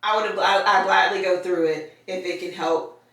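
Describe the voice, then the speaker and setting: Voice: mid-range voice, fairly even intonation, normal speed, a bit bright. A life coach guest in a casual faith conversation, speaking reflectively and laughing easily. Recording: very echoey room, far from mic.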